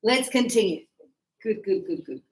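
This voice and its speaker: A woman teaching an English lesson to a live class in a chatty, playful way, checking in with quick questions. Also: mid-range voice, expressive, darkish tone, echoey room, poor audio.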